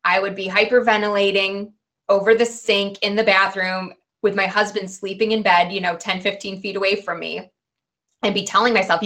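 A woman in her forties telling her own story as a podcast guest, chatty and animated, dotting her talk with "like" and "you know". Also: medium pitch, moderate pace. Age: 40s. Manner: chatty, animated, peppered with "like" and "right". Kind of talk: candid personal storytelling.

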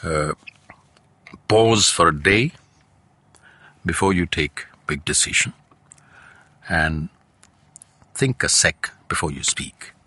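Older man, Indian English accent, animated anecdotes, mixes in Hindi, bright voice, slight husk. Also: sits low, slow, long pauses, breathy edge, no echo. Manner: animated anecdotes, slips into Hindi, acts out quoted family voices. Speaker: guest, voice artist. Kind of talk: relaxed storytelling in conversation.

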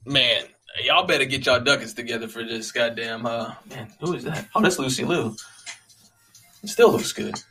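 A young man, casually rambling and joking with lots of profanity. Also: mid-range voice. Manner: profane, joking, animated storytelling.

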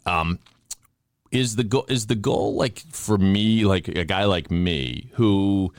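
Rambling fifty-something man host, very deep. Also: slow, clear, resonant tone, dry recording, studio quality. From Boston area. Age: 50s. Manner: rambling, self-deprecating, jokey with restarts. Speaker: podcast host. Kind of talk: casual interview chat.

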